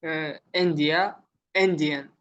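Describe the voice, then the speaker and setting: A man's voice: fairly high pitch, steady tone, takes it slowly, fairly bright tone, muffled recording. A male student answering his tutor hesitantly, often starting with uh.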